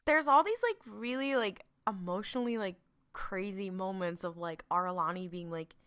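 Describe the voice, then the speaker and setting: Woman, podcast co-host, casual chat, bright tone, animated, swears a lot. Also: mid-range voice, moderate pace, smooth. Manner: animated, swears, laughs often, many fillers.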